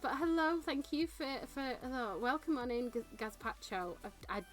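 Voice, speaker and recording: A young woman hosts a casual live stream in a high, bright voice. She giggles constantly and gushes, often stumbling and restarting her words. Soft music sits faintly in the background. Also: animated, moderate pace. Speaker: streamer and nail technician.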